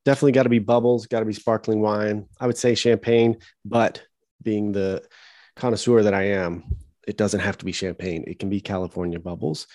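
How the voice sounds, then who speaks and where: A man's voice: on the low side, fairly even intonation, brisk, a little mellow, no room sound. A man co-hosting a podcast in casual chat with dry, wry humor. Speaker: podcast co-host.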